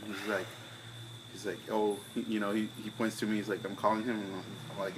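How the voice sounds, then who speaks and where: A young man, co-hosting a casual podcast over beers, telling a profane story and acting out his own angry shouting. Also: mid-range voice, steady tone, brisk, noisy background. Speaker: podcast co-host.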